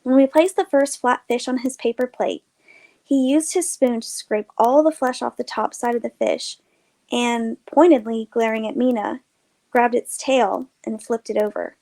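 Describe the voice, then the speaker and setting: Female host, scripted story reading, light voice, measured and expressive. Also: fairly high pitch.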